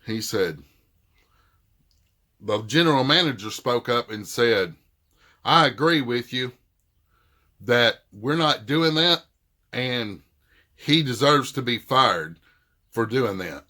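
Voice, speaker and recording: Pausing often and moving at a slow pace, the vlogger delivers his casual story with expressive, sharp-toned speech at medium pitch. He is a middle-aged man with a thick Southern accent, recounting a dispute and quoting what each person said.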